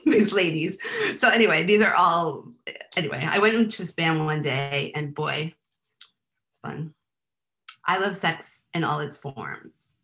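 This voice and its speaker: A woman poet giving a live poetry reading, with a wry deadpan delivery and chatty asides between poems. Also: lowish voice.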